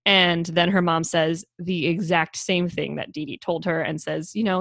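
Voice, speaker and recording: A woman co-hosting a casual podcast chat recaps a film's plot at normal speed with vocal fry, recorded with no room sound. She's animated, acting out the characters' lines with big pitch jumps and swearing freely.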